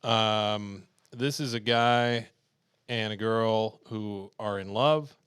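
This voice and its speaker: A man co-hosting a podcast in relaxed, jokey casual chat, recorded on a dry, close microphone. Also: fairly low pitch, clear, resonant tone, no room sound. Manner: relaxed, jokey, quick back-channel responses. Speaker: podcast co-host.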